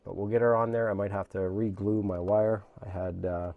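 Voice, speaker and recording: A man hosting a hobby channel, explaining a model build in a casual, rambling way with lots of fillers, his voice a little hoarse. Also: lowish voice, little pitch movement, moderate pace, narrow, tinny audio. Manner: rambling, many fillers and restarts. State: slightly hoarse, losing his voice. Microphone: camera mic, at times handheld camera.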